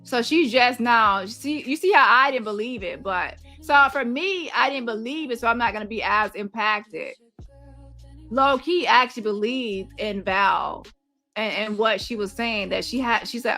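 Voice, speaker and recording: A woman hosting a commentary stream, her voice sitting a little high and sounding bright and sharp. She talks heatedly and keeps doubling back on words as she piles up one accusation after another. Faint music plays underneath. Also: lively intonation, normal speed. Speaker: host. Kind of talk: casual commentary to camera.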